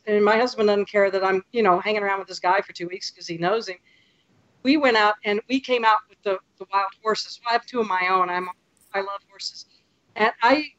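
Woman telling lively travel stories. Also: mid-range voice, lo-fi sound. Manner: lively storyteller, acts out quotes. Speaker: podcast guest, photography tour leader. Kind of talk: casual podcast chat.

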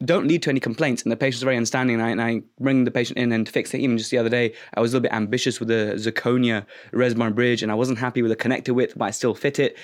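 A man hosting an interview, himself a dentist, talking in a quick, supportive, chatty way. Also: medium pitch, steady tone. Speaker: dentist host. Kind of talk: conversational interview.

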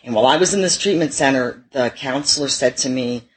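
This middle-aged woman, speaking a little fast in a very deep voice, shares her story at a recovery meeting with frank self-mockery and plenty of laughter. Audio quality is poor.

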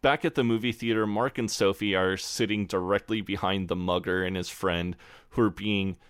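Low guy on a podcast, restarts sentences, dry sound. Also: fairly even intonation, normal speed, clear, resonant tone, no room sound. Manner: swears freely, restarts sentences, acts out characters' lines. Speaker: podcast co-host. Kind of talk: casual chat recapping a show.

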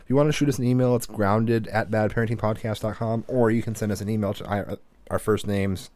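A tired man co-hosting a podcast, his voice sitting a little low. He rambles, swears freely and restarts his sentences often, on a dry, close recording. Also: steady tone, fast, a little mellow, no echo. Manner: rambling, profane, with frequent restarts and fillers. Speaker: podcast co-host. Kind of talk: casual chat.

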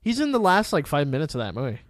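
A man chats about movies in a loose, profane way. His voice sits a little high and swings widely as he tells stories. The sound is dry and close. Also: fast, dry recording, soft background music. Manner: profane, animated storytelling with loud acted quotes. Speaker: podcast co-host. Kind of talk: casual movie news chat.

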